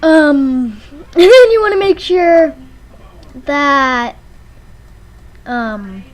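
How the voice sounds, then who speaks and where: A woman giving absurd mock driving advice in a rambling, halting way, full of fillers and deadpan jokes, in a car showroom. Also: high voice. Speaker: vlogger. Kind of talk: joking mock tutorial.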